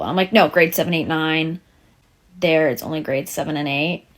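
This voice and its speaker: Young canadian woman vlogging, casual, pops up higher when she does other people. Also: moderate pace. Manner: acts out other people's lines in a lively, higher voice. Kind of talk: casual vlog talk to camera.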